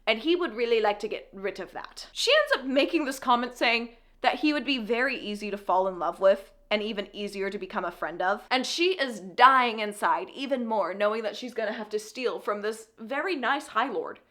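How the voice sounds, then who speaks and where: A woman's voice: a little high, animated, normal speed, few pauses, a bit bright. A woman casually recapping a fantasy novel, chatty and sarcastic, often laughing at her own asides. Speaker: book reviewer.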